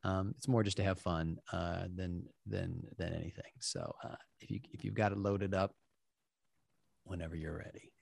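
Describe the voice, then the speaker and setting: Male podcast host, low-ish, rambling casual chat, close dry recording. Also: fairly even intonation, moderate pace, creaky, darkish tone, no echo. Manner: chatty, rambling with many fillers.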